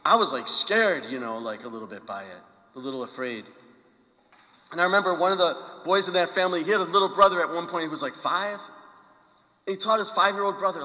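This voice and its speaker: A male pastor gives a casual, storytelling homily and keeps turning to the congregation with questions. His voice is bright and forward, pitched a bit above the usual. A long church reverb trails each phrase. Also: a little fast. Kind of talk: conversational homily.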